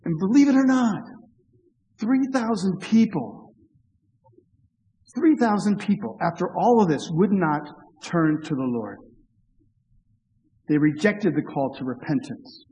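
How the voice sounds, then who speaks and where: Pastor, male, high voice, earnest sermon with jokes, church hall reverb. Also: lively intonation, unhurried, long pauses, dark tone. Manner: earnest, with humorous asides and restarts.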